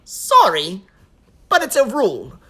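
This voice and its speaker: A woman's voice: medium pitch, huge pitch swings, slow pace, fairly bright tone, breathy edge, pitched above the performer's own voice, full character voice. A woman voicing a fussy male head elf in a read-aloud storybook, flustered and fretting. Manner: flustered, keeps saying oh dear.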